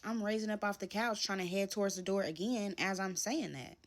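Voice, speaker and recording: A woman narrates her own story to the camera in a relaxed storytime style. Her delivery is animated and dramatic, with a casual, slangy way of talking. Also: mid-range voice, brisk. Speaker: storytime vlogger.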